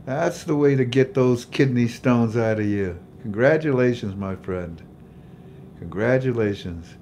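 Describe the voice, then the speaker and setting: Greeting viewers by name and laughing at his own jokes, an older man jovially hosts a faith-based livestream before leading a prayer. His medium-pitched voice is a little mellow and measured in pace, with a little hiss or hum on the recording.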